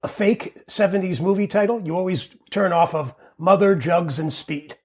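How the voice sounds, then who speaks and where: A man's voice: high voice, moderate pace, darkish tone, breathy edge. A man co-hosting a podcast, chatting casually with wry, sarcastic asides. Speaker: podcast co-host. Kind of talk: casual chat.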